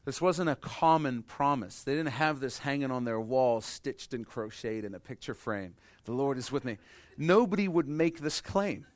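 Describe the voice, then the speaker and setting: A man in his thirties preaching a sermon as pastor, swinging between loud emphatic lines and quiet, intimate ones. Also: mid-range voice, normal speed, hardly any pauses, dry recording.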